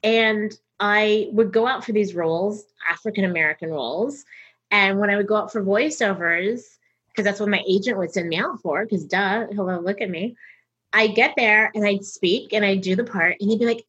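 Her voice is husky and medium in pitch, moving at a moderate pace, as this middle-aged comedian and voice actor from North Texas shares stories candidly in an interview. She brings them to life by acting out what others said. High frequencies are missing from the audio.

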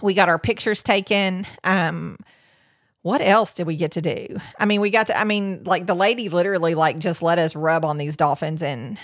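Chatty woman, low voice. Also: steady tone, normal speed, no echo, studio quality. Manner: rambling, many fillers and restarts. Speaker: podcast host. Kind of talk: casual chat about a vacation.

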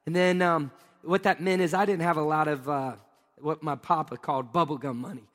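A male pastor giving a sermon, telling funny personal stories in an animated, playful way and acting out scenes with exclamations. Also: fairly high pitch, brisk. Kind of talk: sermon with humorous personal storytelling. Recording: long reverb of a large hall.

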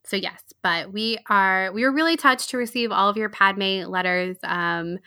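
A young woman co-hosting a podcast in casual chat, bubbly and excitable, laughing often. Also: mid-range voice, normal speed, no room sound, studio quality. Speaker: podcast co-host.

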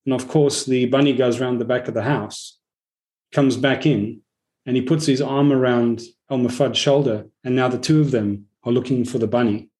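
A man talking casually, reflective one moment and animated the next as he spins a story, pitched right in the middle for a man, and now and then dropping a swear word. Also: moderate pace. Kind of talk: casual conversation.

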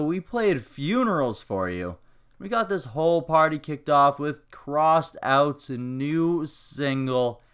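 Podcast host guy, upbeat, slow and clear, crisp bright voice. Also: high voice. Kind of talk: hosting a music podcast.

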